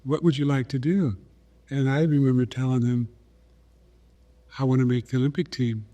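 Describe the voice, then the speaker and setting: Mellow-voiced older man telling stories. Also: mid-range voice, fairly even intonation. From South Dakota, USA. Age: 80s. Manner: unhurried, acts out remembered dialogue. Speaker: guest, retired Olympic runner. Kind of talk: storytelling conversation.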